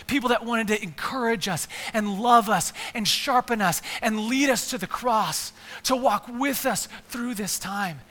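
High-voiced earnest male preacher. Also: bright, forceful tone, big-room sound. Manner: earnest, repeats words, builds to emphatic lists. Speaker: pastor. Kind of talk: sermon.

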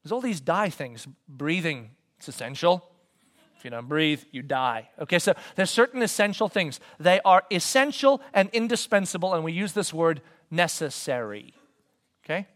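A man giving a conversational sermon as a pastor, swinging from loud emphasis to soft whispers and asking his listeners questions. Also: on the high side, big pitch swings, normal speed. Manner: conversational, asks the congregation questions.

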